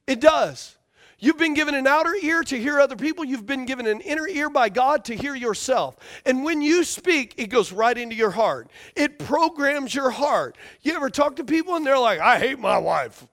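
A male pastor delivering a sermon in a very high voice that rises and falls with animation. He hammers his points home by repeating phrases and keeps asking the congregation if they follow. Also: a bit bright. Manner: emphatic, repeats key phrases, checks in with the congregation.

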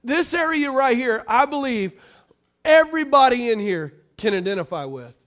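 High-voiced preaching man. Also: animated, normal speed. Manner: preaching with call-and-response, swings between loud and quiet. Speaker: pastor. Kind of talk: sermon.

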